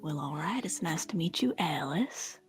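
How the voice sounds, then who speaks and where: A woman's voice: medium pitch, very animated, unhurried, creaky, soft background music. A woman voicing a tinkerer character in a whispered role-play, drawling and hesitant. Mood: wry. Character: character named Nayland, a gruff tinkerer.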